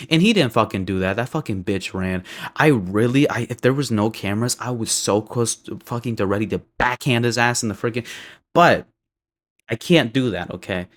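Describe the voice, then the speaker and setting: A young man with a voice of ordinary pitch tells a long personal story in a loose, rambling way. He swears freely and keeps checking in with "right?", jumping from heated outbursts to low, muttered asides. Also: brisk, fairly bright tone. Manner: profane, rambling, constant "right?" tags; swings between heated bursts and low mutters. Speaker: storyteller vlogger. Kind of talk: casual storytime monologue.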